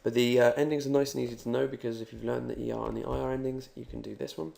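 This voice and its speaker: Gravelly upbeat man teaching. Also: medium pitch, level tone, fast, mellow. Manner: upbeat, talks straight to the learner. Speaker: Spanish teacher. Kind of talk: recorded language lesson.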